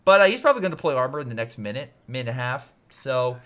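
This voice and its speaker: A man's voice: medium pitch, sing-song, racing, few pauses, fairly bright tone. A man giving casual commentary on a strategy game replay, with frequent self-corrections and filler, and he breaks into exasperated, swearing rants.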